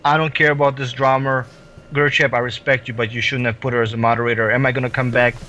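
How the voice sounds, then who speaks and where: A man's voice: medium pitch, flat delivery, quick pace, pushed and bright, slight background noise. A man arguing in an online voice chat, defensive and exasperated. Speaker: guest. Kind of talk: heated voice chat argument.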